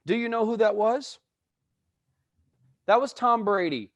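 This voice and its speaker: A man's voice: high-pitched, expressive, unhurried, no echo. A man co-hosting a podcast, giving emphatic, opinionated sports takes in casual chat. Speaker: podcast co-host.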